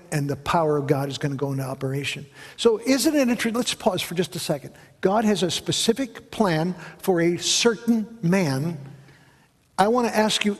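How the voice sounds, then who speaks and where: High-voiced, husky male preacher. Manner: animated storytelling preaching, asks the congregation questions. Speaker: pastor. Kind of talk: sermon. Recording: echoey hall.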